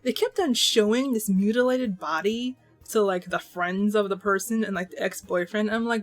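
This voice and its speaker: A young woman giving a casual, animated book review to camera, ranting with many "like" fillers. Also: medium pitch, moderate pace, faint music behind.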